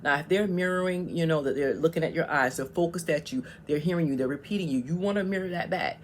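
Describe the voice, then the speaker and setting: Woman with a lower voice talking straight to camera, emphatic advice vlog, keeps saying okay, slight hiss behind. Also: quick pace. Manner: emphatic, repetitive, often checks in with "okay?". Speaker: advice vlogger. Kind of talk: casual advice monologue.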